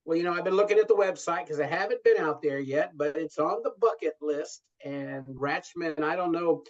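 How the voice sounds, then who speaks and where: A man's voice: fairly high pitch, moderate pace. A man co-hosting a casual live stream, chatting in a joking, conversational way. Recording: dull lo-fi sound.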